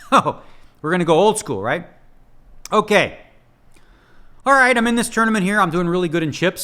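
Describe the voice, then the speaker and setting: A man's voice: medium pitch, fairly bright tone. A man who plays poker for a living, talking through one of his hands in a loose, joking, slangy way. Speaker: professional poker player analysing his own hand. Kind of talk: casual spoken hand analysis.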